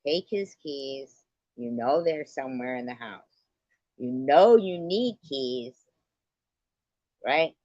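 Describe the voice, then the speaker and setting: Woman stream host, unhurried, salty and laughing; dry close sound, muffled lo-fi stream quality. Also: very deep voice, expressive, dark tone, dry recording. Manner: blunt, profane, laughs often. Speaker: livestream host. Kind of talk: casual live-stream chat. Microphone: computer mic on live stream. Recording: dull lo-fi stream audio.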